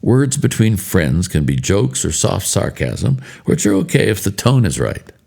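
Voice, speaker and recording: A man in later life giving a spoken devotional, telling stories in a measured, earnest way. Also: deep voice, big pitch swings, vocal fry, a little mellow. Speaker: devotional speaker.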